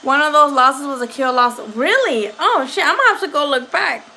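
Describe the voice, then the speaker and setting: A woman's voice: high-pitched, animated, brisk, sharp tone. A woman hosting a boxing livestream from home, chatting casually and profanely with viewers and laughing often.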